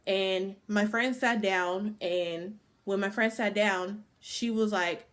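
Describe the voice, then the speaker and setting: Speaking slowly, this twenty-something vlogger relates a laid-back storytime full of profanity and endless "like" fillers. She has a mid-range, fairly bright voice and keeps her intonation fairly even.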